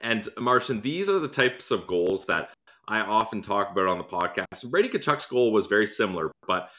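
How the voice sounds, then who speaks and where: Male podcast co-host, low and bright, relaxed sports banter. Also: normal speed. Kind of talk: casual sports chat with ad reads.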